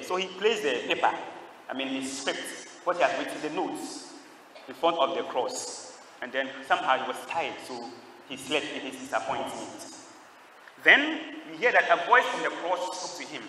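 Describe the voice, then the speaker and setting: A male priest preaches to a crowd of young people, throwing questions at them and waiting for their replies. His voice sits a little high and rings out bright and forceful. The sound comes from well back in a big, echoing church with a long reverb tail. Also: a little hiss or hum. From Ghana. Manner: call-and-response preaching, quizzing the congregation. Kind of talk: homily at a youth Mass. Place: large church. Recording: echoey church heard from a distance.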